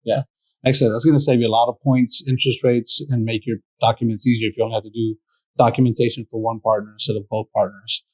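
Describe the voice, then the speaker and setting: A male podcast host with a middle-pitched voice keeps the interview moving. He affirms what his guest says and sums up the advice for his listeners. The sound is dry and close to the mic. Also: level tone, quick pace, no echo, low-quality recording.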